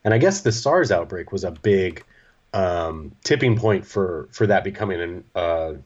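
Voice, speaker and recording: A man's voice: sits low, animated, normal speed, darkish tone, dull audio. A man hosting a podcast, chatting casually and rambling, with many fillers and easy laughs. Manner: laid-back, rambling, frequent fillers and laughs. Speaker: podcast host.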